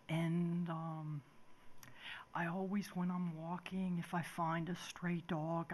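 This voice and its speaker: A woman testifying at a public hearing for the first time, hesitant and soft, with many pauses. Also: on the low side. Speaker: resident testifying.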